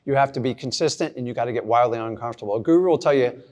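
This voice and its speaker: A man's voice: medium pitch, rapid-fire, darkish tone. A middle-aged man giving a blunt, casual motivational talk to a live audience, acting out little scenes. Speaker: real estate investor speaking to an audience.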